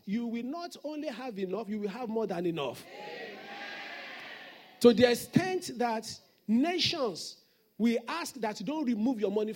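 A man's voice: high-pitched, a little mellow. A man preaching a Sunday sermon as senior pastor, emphatic and repeating his declarations.

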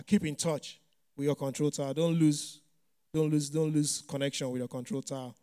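A man's voice: a little high, mellow, clean tone. A male pastor giving a conversational sermon, full of "you know" asides and frequent light chuckles. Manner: chatty, many "you know" fillers, chuckles often.

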